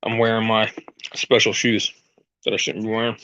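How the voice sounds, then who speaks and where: While gardening outdoors, a breathless channel host talks straight to viewers in a casual live chat, rambling and restarting on his lapel mic. His fairly low voice is monotone yet bright and forceful, at normal speed, with a little hiss or hum. The recording is dull, dry, and lo-fi.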